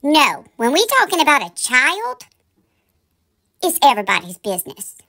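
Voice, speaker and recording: Indignant high-voiced woman ranting. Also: pushed and bright. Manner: indignant, scolding, rhetorical questions. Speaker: commentary channel host. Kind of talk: heated commentary rant.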